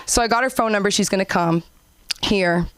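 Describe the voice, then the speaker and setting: A young woman doing a stand-up comedy set and hosting an open mic, animated and acting out characters in high voices. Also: fairly quick, slight background noise. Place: comedy club stage.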